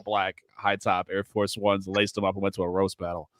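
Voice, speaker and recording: A man's voice: low-pitched, flat delivery, brisk, a bit bright, no echo. A young man co-hosting a podcast, dropping dry punchline jokes in a casual comedy chat. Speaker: podcast co-host.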